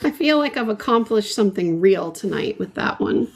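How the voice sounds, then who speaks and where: A woman's voice: medium pitch, lively intonation, moderate pace, creaky. A woman hosting a painting livestream, chatting casually and playfully with her viewers, often giggling.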